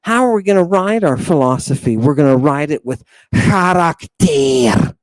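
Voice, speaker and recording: A man's voice: sits high, sing-song, moderate pace, gravelly, dry recording. A man teaching a jokey livestream lesson, theatrical and playful, calling out to his viewers. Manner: theatrical, joking, addresses viewers as people. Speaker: online language teacher.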